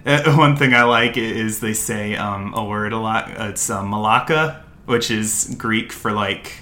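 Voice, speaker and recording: A man's voice: lowish voice, steady tone, unhurried, sharp tone. A young American man co-hosting a podcast, chatting casually and rambling with lots of fillers and restarts. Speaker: podcast co-host. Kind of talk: casual chat.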